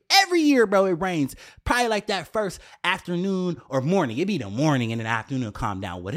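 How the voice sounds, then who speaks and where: A young man telling a story to his viewers in a casual, profane, animated way, often jumping up into a high exclaiming voice. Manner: profane, slangy, addresses viewers directly.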